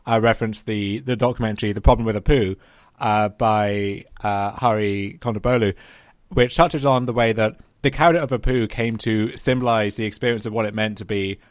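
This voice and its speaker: A man's voice: fairly low pitch, no room sound, studio quality. A man hosting a podcast discussion, asking long questions with many hesitant "uh" fillers. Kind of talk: casual discussion.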